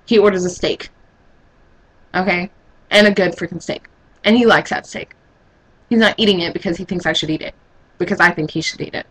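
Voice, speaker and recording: An eighteen-year-old woman from Texas giving her blunt opinions in a casual vlog, her voice leaping high when exasperated. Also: fairly bright tone, rough recording.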